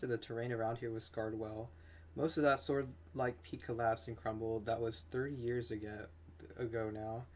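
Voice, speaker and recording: A man voicing a boatman who calmly recounts old legends, read from a game. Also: medium pitch, lightly acted.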